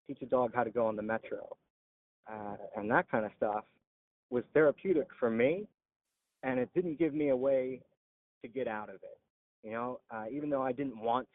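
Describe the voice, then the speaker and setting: A man's voice: medium pitch, phone-quality sound. A man telling his own story in an interview, frankly and plainly, with frequent "uh" and "you know". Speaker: interviewee, veteran and dog trainer. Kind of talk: candid personal storytelling.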